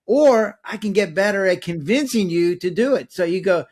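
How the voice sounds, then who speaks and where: Animated middle-aged man, slightly higher voice. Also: moderate pace, hardly any pauses. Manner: animated, acts out patients' and his own lines in voices. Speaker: guest, former physician. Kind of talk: casual conversational interview.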